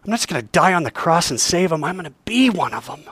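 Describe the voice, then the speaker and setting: Man doing chummy, excited young guy, lively. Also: on the high side, fast, breathy edge, no echo, heavily acted. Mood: tender. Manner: casual, excited, dude-like. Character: thrilled, friendly young man Jesus.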